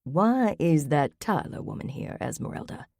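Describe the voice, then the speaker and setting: A woman's voice: low voice, sing-song, moderate pace, creaky, warm tone, no room sound, clean studio sound, heavily acted. Hostile bully of a man, threatening and tight-voiced, read by a woman narrator. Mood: blustering. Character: blustering, threatening middle-aged man.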